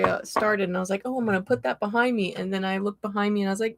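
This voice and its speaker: A woman's voice: medium pitch, fast talker, hardly any pauses, fairly bright tone, no room sound. A woman hosting a casual livestream as a tarot reader, chatting with viewers, greeting them by name and laughing often. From Florida.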